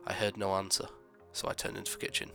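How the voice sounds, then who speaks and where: Male horror narrator, gravelly, bright and forceful, measured and dramatic. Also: low-pitched, completely flat delivery, faint music behind. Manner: measured, dramatic first-person telling.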